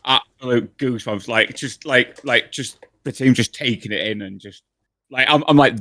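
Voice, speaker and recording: A young man, co-hosting a podcast, chatting excitably and repeating himself. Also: mid-range voice, moderate pace. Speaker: podcast co-host. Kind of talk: casual chat.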